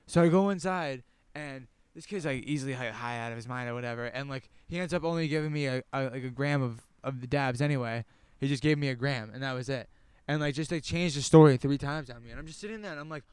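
A young man telling a rambling story in a casual outdoor podcast chat, getting animated and cursing as he goes. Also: on the high side, brisk, clear, resonant tone, no echo. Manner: rambling, animated, swears when worked up. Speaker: podcast guest.

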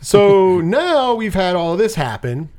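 A man's voice: sits high, big pitch swings, measured pace, a little mellow. Chatty swearing man recapping a movie. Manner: rambling, swears freely, acts out quotes. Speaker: podcast co-host. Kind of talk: casual movie recap chat.

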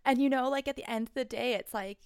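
Higher-voiced woman host, dry sound. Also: fast, clear, resonant tone, no room sound. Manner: warm, affirming listener. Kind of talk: casual conversation.

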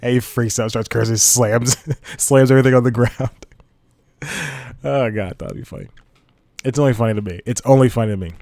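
A man's voice: mid-range voice, brisk, gravelly, long pauses, a little mellow, no room sound. A man hosting a casual solo podcast, rambling and laughing at his own jokes. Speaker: podcast host.

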